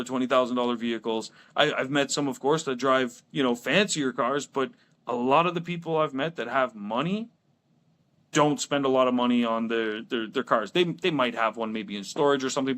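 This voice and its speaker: A man's voice: mid-range voice, fairly bright tone. Chatty man telling a long joke. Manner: storytelling with lots of restarts and laughs. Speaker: podcast co-host. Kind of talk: casual chat.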